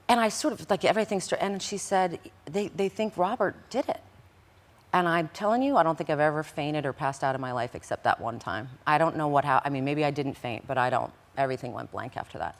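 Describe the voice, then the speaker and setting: Low-voiced woman telling an animated story. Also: brisk. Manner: animated, acts out quoted dialogue. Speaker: interview guest recounting past events. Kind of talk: emotional personal storytelling.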